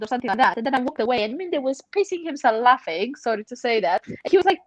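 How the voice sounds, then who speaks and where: A woman's voice: sits high, lively intonation, fast talker, no echo, rough recording. A woman on a podcast panel, animatedly retelling a story and acting out the people in it.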